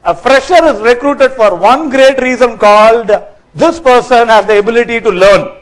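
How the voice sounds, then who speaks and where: A man gives a corporate training talk from a workshop stage, lively and quizzing his audience. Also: very high-pitched, normal speed, low-quality recording. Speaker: workshop speaker.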